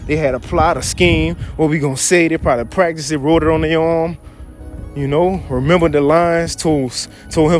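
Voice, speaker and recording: Man, high-pitched, casual scripture teaching, slangy, animated, faint music behind. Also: moderate pace. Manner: slangy, animated, reads verses then riffs on them. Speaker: Bible teacher.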